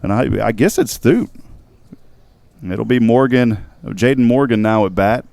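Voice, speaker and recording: A man giving steady, measured baseball play-by-play commentary as the announcer. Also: vocal fry, dry recording. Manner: steady, measured calls of each pitch.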